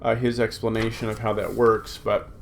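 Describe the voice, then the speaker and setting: A man's voice: on the low side, flat delivery, moderate pace, gravelly, a little hiss or hum. A middle-aged man teaching a recorded Greek grammar lesson, patient and plain, with many filler sounds as he repeats forms aloud.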